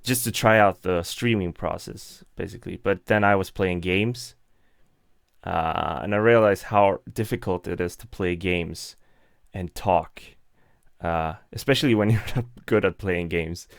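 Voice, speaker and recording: A man's voice: deep voice, unhurried, gravelly, no room sound, clean studio sound. A young man, chatting casually and laughing often as he reads out and answers live chat. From Sweden.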